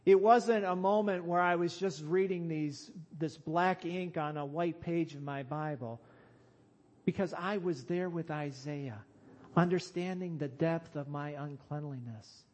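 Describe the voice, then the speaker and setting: A man with a high voice preaches a sermon at a deliberate, unhurried pace. He leans hard on key phrases and lifts into loud calls. His delivery is earnest and emphatic. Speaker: pastor.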